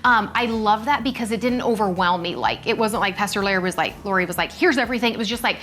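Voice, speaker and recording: A woman in easy conversation as co-host, talking animatedly at a medium pitch. She slips into other voices when she quotes people. Faint music plays softly behind her. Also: quick pace. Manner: animated, acts out quoted speech in a shifting voice. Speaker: podcast co-host. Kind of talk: casual chat.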